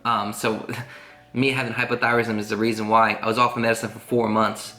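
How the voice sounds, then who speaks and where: A man's voice: lowish voice, flat delivery, fairly quick, bright, forceful tone. Earnest rambling man in an echoey room. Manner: rambling, earnest, full of "like" fillers. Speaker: family vlogger. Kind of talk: casual storytelling to camera. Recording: roomy echo with faint guitar music.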